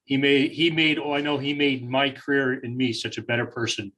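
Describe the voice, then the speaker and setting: A man's voice: medium pitch, little pitch movement, fairly quick, sharp tone. A male co-host on a video call panel, thanking speakers and supporting them.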